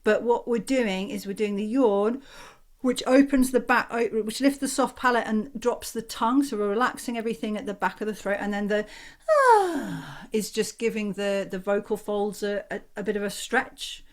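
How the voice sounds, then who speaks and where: A woman, a voice coach calmly and encouragingly leading a group through relaxation exercises on a video call. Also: mid-range voice, normal speed. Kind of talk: online workshop instruction.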